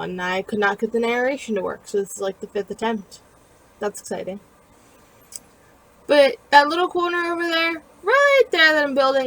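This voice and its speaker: A woman with a fairly high voice gives a casual voice-over for her own building video. She rambles and talks with a chatty, self-deprecating ease, full of fillers, and sounds a little tired. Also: vocal fry, rough recording. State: tired and yawning. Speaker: gaming video creator narrating her build.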